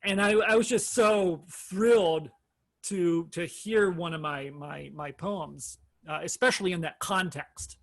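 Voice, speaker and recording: High-voiced man in casual chat. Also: unhurried, a bit bright. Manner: rambling, laughs often, restarts sentences. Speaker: podcast co-host.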